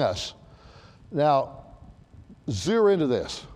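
A man preaching a sermon to a church congregation, emphatic and animated, repeating his key words for stress. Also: a little high, takes it slowly, long pauses, big-room sound.

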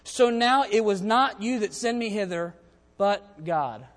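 A man's voice: high-pitched, expressive, a little slow. A man preaching a sermon, reading scripture verses aloud and then explaining them in a conversational way. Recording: long reverb of a church hall.

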